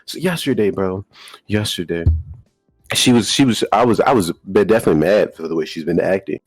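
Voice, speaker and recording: A young man telling a story in casual chat, animated and laughing often. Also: low voice, fairly quick, breathy edge, no room sound, faint music behind. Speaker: podcast co-host.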